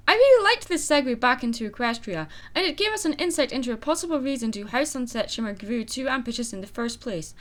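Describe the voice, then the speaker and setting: Woman, young adult, high voice, sarcastic film review host. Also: a bit bright. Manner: sarcastic, exasperated asides. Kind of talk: comedic video review.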